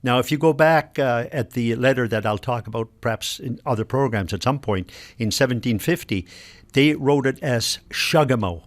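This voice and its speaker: A man's voice: mid-range voice, normal speed. Older man from Nova Scotia, linguist guest; patient, methodical explainer. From Nova Scotia, Canada. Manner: patient, explains word by word with examples. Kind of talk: explanatory radio conversation.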